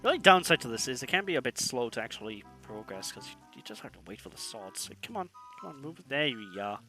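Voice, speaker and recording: Guy rambling on a game stream, lively up and down voice, bright tone. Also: medium pitch, fast, soft background music. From Wales. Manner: chatty, laughs often, British slang. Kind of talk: casual gameplay commentary.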